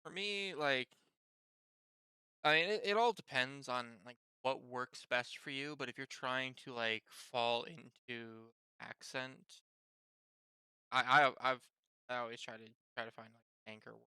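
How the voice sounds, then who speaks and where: A man with a very bright, ringing voice chats casually with his gaming group, tripping over his words and restarting phrases. His tone is crisp and clean, recorded close and dry. He sounds like the host of the stream. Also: mid-range voice, measured pace, dry recording. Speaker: player and channel host. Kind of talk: casual chat.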